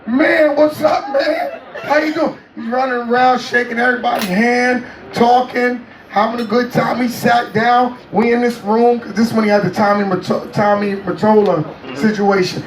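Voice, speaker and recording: High-voiced man telling stories, echoey and distant. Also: normal speed, few pauses, slight background noise. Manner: lively, acts out other people's voices while telling stories. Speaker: interview guest. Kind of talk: animated storytelling. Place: on a cruise ship. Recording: echoey room, mic at a distance.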